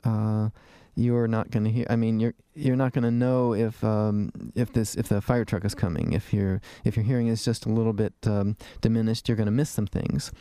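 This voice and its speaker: Guy hosting a dental radio show, kinda rambly, dark warm voice, dry close mic. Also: fairly low pitch, steady tone, normal speed, hardly any pauses, smooth, no echo. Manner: chatty, rambling with fillers and restarts. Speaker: radio show host, dentist. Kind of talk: casual radio talk show. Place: radio studio.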